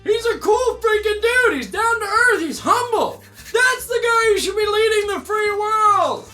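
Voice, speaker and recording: Loud, very high-pitched profane woman. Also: lively intonation, measured pace, faint music behind. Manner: loud, shouting, swears often. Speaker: podcast co-host. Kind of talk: profane comedic rant.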